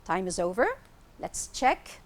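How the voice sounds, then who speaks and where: A woman teaching an English lesson on television, explaining slowly and clearly and repeating words for pronunciation. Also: on the low side, expressive. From Tunisia.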